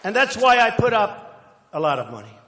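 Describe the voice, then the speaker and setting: An older man giving a rambling, boastful campaign rally speech, conversational with sudden loud bursts. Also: high-pitched, very animated, normal speed, background noise. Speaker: political candidate at a rally. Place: large outdoor rally crowd. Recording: echoey rally PA with crowd ambience.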